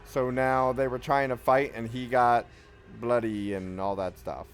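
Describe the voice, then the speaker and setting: A man's voice: medium pitch, fairly even intonation, unhurried, a little hiss or hum. A man hosting a gaming channel, giving casual let's-play commentary and thinking aloud.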